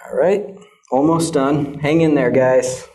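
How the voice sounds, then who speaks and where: Young American male teacher, patient, deliberate delivery, mellow tone, peppers explanations with "okay?". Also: fairly high pitch, fairly even intonation. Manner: patient, checks in with frequent "okay?". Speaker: English pronunciation teacher. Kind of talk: classroom pronunciation lesson.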